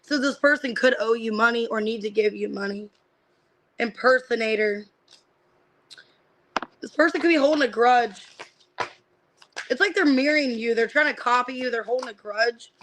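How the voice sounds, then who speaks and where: A woman giving a casual live-streamed tarot reading. She names the cards one by one and thinks out loud as she reads them, with lots of fillers. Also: a little high, moderate pace, pauses often, poor audio. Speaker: tarot reader.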